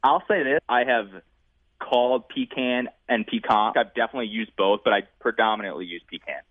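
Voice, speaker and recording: A man's voice: mid-range voice, fairly quick, no echo. Opinionated man over a tinny line. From Northeast US. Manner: emphatic, opinionated, laughs often. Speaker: podcast co-host. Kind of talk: casual chat.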